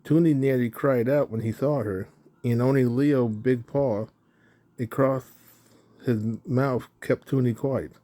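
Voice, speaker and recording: Guy reading a kids' story out loud, warm mellow voice, keeps fixing his slips. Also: mid-range voice, steady tone, takes it slowly. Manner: self-correcting reading with restarts. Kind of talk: storybook read-aloud.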